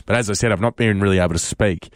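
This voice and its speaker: A low-pitched man co-hosting a radio show, his voice hoarse from a sore throat. He tells stories in a loose, jokey way. The studio sound is dry and close. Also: rapid-fire, no room sound. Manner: chatty, storytelling, jokey. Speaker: radio co-host. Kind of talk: casual radio chat.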